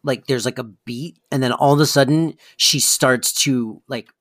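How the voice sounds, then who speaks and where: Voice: medium pitch, normal speed, a bit bright, no echo, studio quality. A podcast co-host chatting casually and enthusiastically about a sitcom episode, with joking asides.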